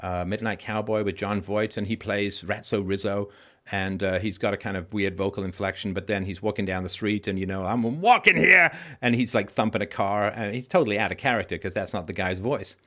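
Hosting a live-stream Q&A, a man with a somewhat low, expressive, trained voice reads out viewer comments and replies conversationally. He talks a little fast and frequently halts to restart his sentences.

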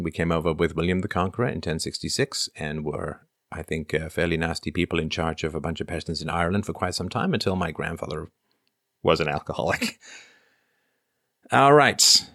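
A man's voice: deep voice, a bit bright, dry recording, studio quality. A man in his fifties hosting a casual livestream, reading viewer comments aloud and answering in a rambling, self-interrupting way.

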